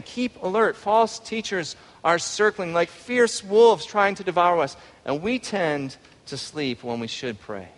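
A male pastor preaching a sermon, swinging from hushed reflection to loud, pleading cries. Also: on the high side. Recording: long hall reverb.

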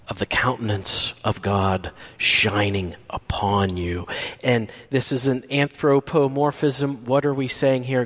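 A man's voice: mid-range voice, fairly bright tone. A man preaching a sermon, building emphasis through repeated phrases, then dropping to near-whispers on key words. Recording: long reverb from a large hall.

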